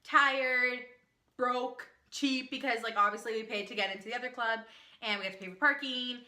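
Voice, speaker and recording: Bright, bubbly young woman vlogger. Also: fairly high pitch. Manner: animated, fast, full of "like" and acted quotes. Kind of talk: excited storytime chat. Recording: echoey room.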